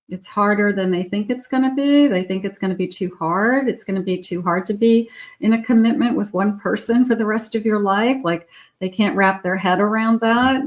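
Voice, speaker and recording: A middle-aged woman reading love tarot cards in a loose, conversational manner. She sometimes slips into short imagined quotes as she explains what the cards show. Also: medium pitch. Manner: conversational, voices imagined lines for the person. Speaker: tarot reader.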